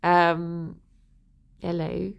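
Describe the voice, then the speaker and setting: A woman's voice: lowish voice, flat delivery, very slow, gravelly, clear, resonant tone. A woman streamer chatting casually on a livestream, answering her chat and cooing to her pet rabbits.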